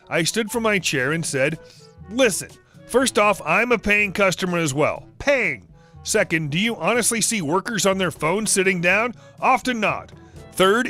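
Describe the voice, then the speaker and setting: A man's voice: high voice, pushed and bright. A man narrating reddit stories, reading every character's dialogue in the same voice. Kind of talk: scripted story narration.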